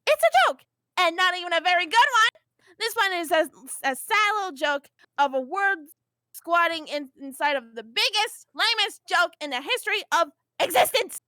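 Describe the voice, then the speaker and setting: A woman's voice: extremely high pitch, expressive, moderate pace, pushed and bright, no echo, full character voice. A woman doing a brash, foul-mouthed troll girl. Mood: defiant rant. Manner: swaggering, profane, mocking. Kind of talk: amateur audio drama acting.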